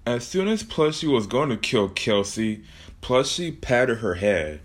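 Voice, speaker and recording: A man's voice: mid-range voice, very animated, unhurried. A man telling a comic horror story with jokey asides about his own plot.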